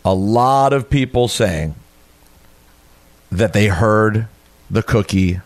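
A man's voice: fairly low pitch, takes it slowly, no echo. A man co-hosting a sports talk radio show, needling a colleague by reading out tweets. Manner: teasing, needling. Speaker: radio co-host. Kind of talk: casual radio banter. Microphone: studio microphone.

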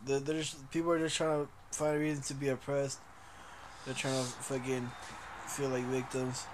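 A man's voice: mid-range voice, flat delivery, normal speed, a little hiss or hum. A young man co-hosting a podcast in casual, profane chat, laughing a lot and often restarting his sentences. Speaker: podcast co-host.

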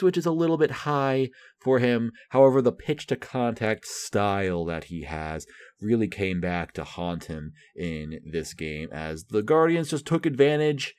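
A man hosting a casual solo baseball commentary podcast, talking sarcastically with mock excitement. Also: mid-range voice, clear, resonant tone, no echo, clean studio sound. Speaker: podcast host and baseball fan.

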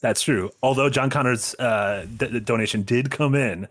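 A man co-hosting a casual podcast chat, reacting in a quick, animated way. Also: mid-range voice, no room sound. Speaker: podcast co-host.

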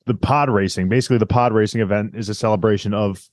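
A fairly low-voiced man who chats in an easygoing way and chimes in with small references and agreements. His voice is close and dry. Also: fairly even intonation, quick pace, no room sound. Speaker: podcast co-host. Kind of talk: casual chat.

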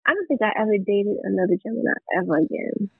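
Husky woman on a tinny line. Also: medium pitch, lively intonation, quick pace, no room sound. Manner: laid-back, short agreeing replies. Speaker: podcast guest. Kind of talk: casual chat.

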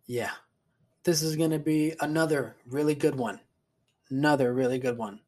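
A man's voice: mid-range voice, moderate pace, darkish tone. A man hosting his own podcast alone, rambling casually, swearing a lot and restarting sentences. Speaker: podcast host. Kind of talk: solo casual chat.

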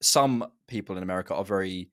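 A man hosting a casual football podcast, chatting with quick laughs and restarts. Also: deep voice, fairly bright tone. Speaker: podcast host.

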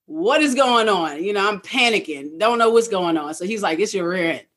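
A guest in a casual interview, telling stories in an animated way, acting out past thoughts and leaning on fillers like "you know what I mean". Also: medium pitch, brisk. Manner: animated, acts out own past thoughts in quotes. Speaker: guest, truck owner-operator.

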